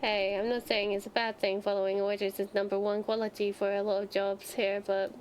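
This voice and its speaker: A woman reading aloud the lines of a brisk, businesslike office manager in a game. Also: medium pitch, little pitch movement, darkish tone, slight background noise, natural voice, rough recording. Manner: matter-of-fact, businesslike. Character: brisk office manager reviewing a new hire.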